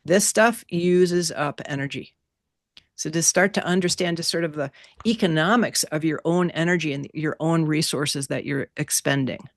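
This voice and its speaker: Over a video call, a woman teaches an online workshop class, playful and animated, repeating key words as she goes. Her voice is low-pitched and her pace normal, captured in a dry, studio-quality recording.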